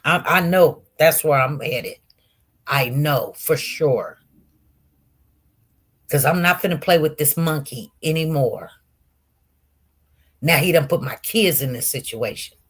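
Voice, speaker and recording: A woman telling viewers a personal testimony with great intensity, swinging from loud outbursts to hushed murmurs and often repeating herself. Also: sits low, slow, long pauses, husky. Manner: repetitive, restarts. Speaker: online show host.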